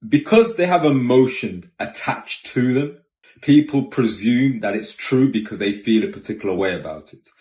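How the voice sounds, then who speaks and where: A man telling a story in a casual, slangy, animated way, vlog style. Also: mid-range voice, moderate pace. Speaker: vlogger. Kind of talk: storytime monologue. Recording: roomy echo with faint music.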